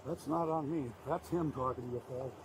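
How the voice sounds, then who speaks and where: A man's voice: medium pitch, fairly quick. A man being arrested, ranting at police in a cursing, threatening, theatrical way. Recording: bodycam clip with crowd noise.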